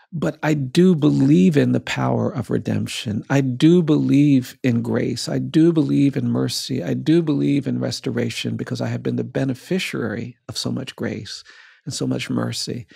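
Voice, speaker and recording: A man, a lawyer, telling a personal story as a podcast guest, speaking in a measured, earnest way and building emphasis through repetition. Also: medium pitch, vocal fry, a little mellow, breathy edge, no echo, clean studio sound.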